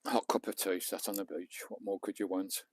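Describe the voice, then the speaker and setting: A man's voice: deep voice, little pitch movement, moderate pace, no echo. A man, chatting casually to viewers on a live stream outdoors on a beach, talking as he works and swearing lightly. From England. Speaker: vlogger. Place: outdoors on a beach and in his camper van. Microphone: small clip-on mic, distance varying.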